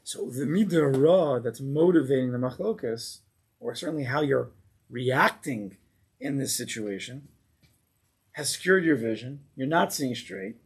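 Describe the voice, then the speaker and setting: A man giving an informal Torah class to a small group, animated and acting out angry people as he explains. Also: medium pitch, a little slow, slightly rough.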